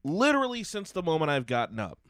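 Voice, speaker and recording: A man's voice: a little high, huge pitch swings, fast, fairly bright tone, dry recording. A man in a casual podcast chat, mock-outraged and swearing in exasperation.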